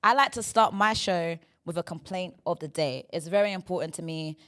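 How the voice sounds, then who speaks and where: A woman's voice: on the low side, brisk, fairly bright tone. A woman hosting a comedy podcast in casual chat, playful and chatty, often saying "do you know what I mean". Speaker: podcast host.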